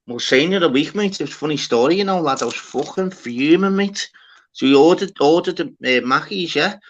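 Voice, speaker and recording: A man hosting a livestream, telling an animated story in casual chat, swearing often and calling people lad and mate. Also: fairly high pitch, brisk, a little hiss or hum. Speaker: livestream host. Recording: dull lo-fi sound.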